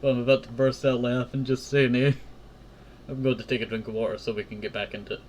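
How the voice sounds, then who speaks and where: A man's voice: mid-range voice, level tone, fast talker, darkish tone, slight background noise. Man chatting and stumbling through a game. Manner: stumbles over words and laughs at himself. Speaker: gameplay host. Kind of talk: casual game playthrough commentary.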